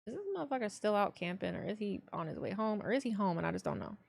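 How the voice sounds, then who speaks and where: A woman's voice: mid-range voice, expressive, fast talker, gravelly. A young woman streaming casually, joking and speaking bluntly, with free swearing. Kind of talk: casual live-stream chat.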